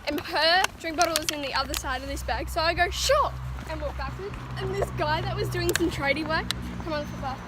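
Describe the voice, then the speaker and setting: A young woman in a casual vlog, telling stories outdoors in an animated, laughing way. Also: high voice, quick pace. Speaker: vlogger. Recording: very noisy outdoor recording.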